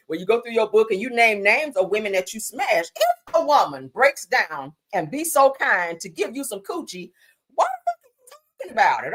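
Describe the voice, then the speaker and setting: A woman hosting a livestream, giving sassy, animated commentary on news and gossip, swearing freely and calling listeners honey. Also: fairly low pitch. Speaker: livestream host.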